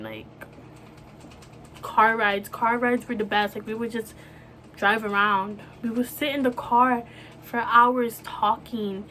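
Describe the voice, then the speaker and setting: A young woman talking to camera about a close friend, speaking softly and haltingly with many fillers. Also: on the high side, a little hiss or hum. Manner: soft, halting, full of fillers like "you know". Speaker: vlogger. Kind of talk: emotional personal talk to camera.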